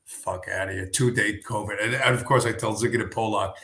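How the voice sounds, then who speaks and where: A man's voice: lowish voice, steady tone, a little fast, bright, forceful tone, echoey room. Rambling, swearing man hosting a livestream. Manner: rambling, swears often, many fillers and restarts. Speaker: livestream host. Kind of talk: casual chat stream.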